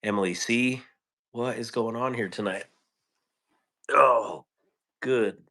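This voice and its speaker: A man's voice: mid-range voice, slow, bright, forceful tone. A man hosting a casual live stream from home on his phone, greeting viewers by name with rambling, joking asides.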